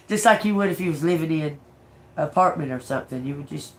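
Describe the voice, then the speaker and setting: A woman's voice: fairly low pitch, fairly quick, long pauses. A woman giving a live-streamed tarot reading, emotional and blunt, swearing freely. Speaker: tarot reader.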